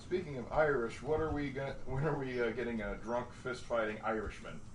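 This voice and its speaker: Fast-talking man on a distant noisy mic. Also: medium pitch. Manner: rambling, quick, animated. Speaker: stream co-host reading chat. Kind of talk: casual chat. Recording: distant echoey mic with loud noise.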